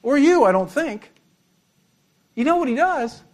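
Middle-aged man, pastor, sermon, high, very lively pitch, humorous, repeats words. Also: measured pace.

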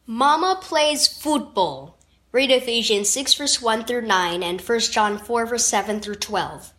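A woman narrating a children's devotional story in a clear, expressive storytelling manner. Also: fairly high pitch, unhurried.

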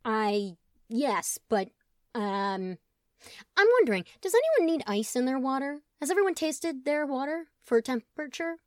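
A woman's voice: high-pitched, sing-song, darkish tone, no echo, studio quality, voice pushed up. A woman voicing a flustered young man who halts and fusses while trying to give a toast. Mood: nervous. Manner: nervous, halting.

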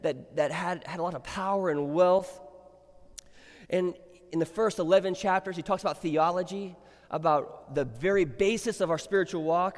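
A middle-aged man preaching a sermon as pastor, chatting with the congregation, then building to emphatic exhortation. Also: high-pitched. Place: church sanctuary. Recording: long reverb of a church hall.

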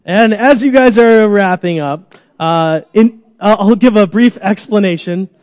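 A man preaching a sermon to a congregation in a church, animated, acting out groans and cries, coaxing children up for an illustration. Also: sits high, unhurried, long reverb tail. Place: church sanctuary.

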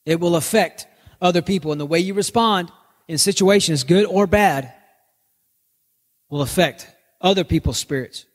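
A man's voice: sits high, normal speed, pauses often, in a large hall. A man preaching in a casual, joking style on a podcast, telling stories to make his point. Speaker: pastor. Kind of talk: conversational sermon podcast.

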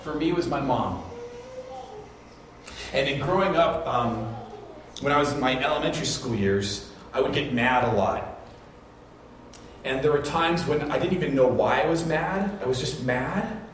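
A male pastor giving a sermon, telling stories from his childhood and rising to high, emphatic peaks. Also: normal speed, pauses often, far from the mic, a little hiss or hum. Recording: very echoey room, voice from afar.

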